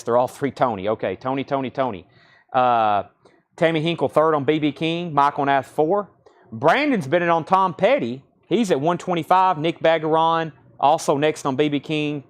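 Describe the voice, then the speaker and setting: A man hosting a live-streamed record sale, reading out titles, prices and bids in brisk auctioneer-style calls. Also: a little high. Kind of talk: live-stream sales patter.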